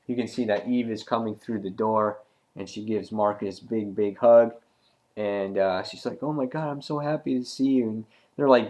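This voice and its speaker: A man's voice: lowish voice, a little mellow. A man casually reviewing a comic book, recapping the plot in a rambling way with lots of ums and restarts.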